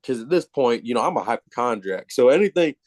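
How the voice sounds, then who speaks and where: Swearing freely, a man with a mid-range voice tells a personal story fast as a podcast guest, keeping it casual, lively and self-mocking. The recording has no echo.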